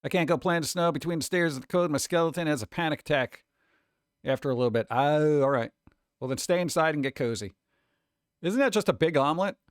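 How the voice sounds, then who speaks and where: A man with a New York accent hosts a casual livestream and chats with his viewers. His voice sits a little high, and his remarks are sarcastic and mock-exasperated. The sound is dry and close, with almost no room in it. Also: fairly quick, dry recording. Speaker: streamer host. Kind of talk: casual livestream chat reacting to chat.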